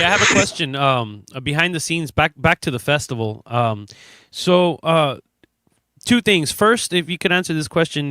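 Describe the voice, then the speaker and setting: Male co-host, mid pitch, hesitant and polite questioner, dry close sound. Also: pushed and bright, dry recording. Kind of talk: casual chat on a live stream.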